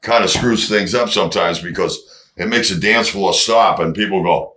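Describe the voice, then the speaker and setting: A man, a drummer guest, telling stories in casual chat, animated, acting out what people said and swearing freely. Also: sits low, normal speed, echoey room. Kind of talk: casual storytelling.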